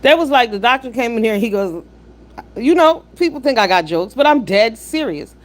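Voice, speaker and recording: A woman runs a live stream and speaks in a voice pitched a little high. She is blunt and profane, preaching at her viewers with rhetorical questions and breaking off to greet people in the chat. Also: animated, brisk. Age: 50s. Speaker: livestream host. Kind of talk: live-stream commentary with chat shout-outs.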